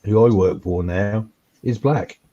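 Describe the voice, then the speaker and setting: Man, mid pitch, laid-back, chuckling, dull lo-fi mic, casual chat. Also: measured pace, mellow.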